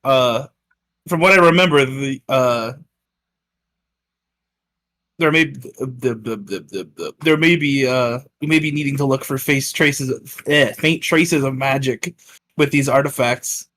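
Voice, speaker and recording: Give me a hesitant man playing a tabletop game, middle pitch. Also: a bit bright. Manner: hesitant, halting. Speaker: player.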